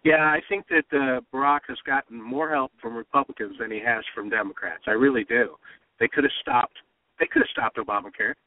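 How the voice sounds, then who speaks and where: A man hosting political talk radio, talking emphatically and heating up to near shouts. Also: medium pitch, a little fast, dry recording. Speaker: radio talk show host. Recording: tinny phone-line sound.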